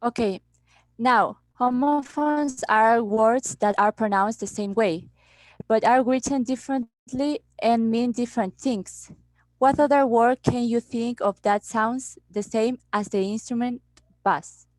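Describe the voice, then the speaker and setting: A woman's voice: fairly high pitch, a little slow, darkish tone, no echo, rough recording. A woman student who speaks Spanish as a first language, reading a paragraph aloud carefully on a video call.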